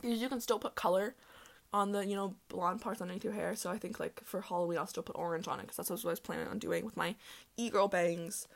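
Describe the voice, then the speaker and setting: A young woman hosting a casual solo podcast, talking fast and rambling with lots of "like" and laughs. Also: mid-range voice, steady tone, creaky. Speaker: podcast host.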